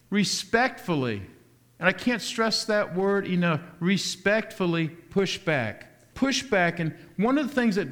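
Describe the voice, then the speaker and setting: A man with a notably high-pitched voice preaches a sermon. He is lively, throws rhetorical questions at the congregation, and keeps changing his pace from quick stretches to slow, deliberate ones. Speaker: pastor.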